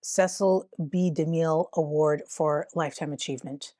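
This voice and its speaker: A woman's voice: low-pitched, steady tone, moderate pace, few pauses, a little mellow, no room sound, studio quality. A woman giving casual commentary as a YouTuber, full of sarcastic, incredulous asides.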